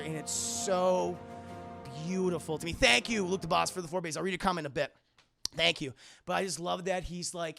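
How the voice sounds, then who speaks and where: Excitable man with a gravelly, bright voice. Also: a little high. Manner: excitable, profane, many restarts. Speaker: streamer reviewing a film. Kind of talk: casual chat to live chat.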